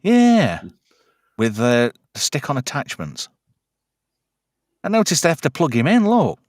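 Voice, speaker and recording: A man's voice: a little high, huge pitch swings, unhurried, dry recording, clean studio sound. A man hosting a casual film chat, crude jokes and many fillers. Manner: chatty, crude joking, lots of fillers. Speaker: podcast host.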